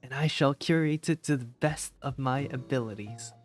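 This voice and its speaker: A streamer voicing a proud museum curator from a drawing game, reading the lines aloud in a grand, drawn-out way. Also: medium pitch, faint music behind, lightly acted. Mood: admiring.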